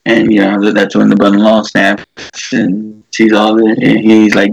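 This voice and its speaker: Guy with a gravelly voice retelling a movie, lots of um and you know, dry mic. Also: on the low side, monotone, moderate pace, dry recording, low-quality recording. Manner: rambling, many fillers and restarts, acts out quotes. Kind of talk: casual chat, retelling a movie.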